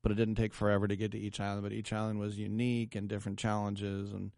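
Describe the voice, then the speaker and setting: Guy hosting a radio show, animated and self-deprecating, kinda low voice, dry close sound. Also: fast, gravelly, no room sound. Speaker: radio talk show host. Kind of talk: casual radio storytelling.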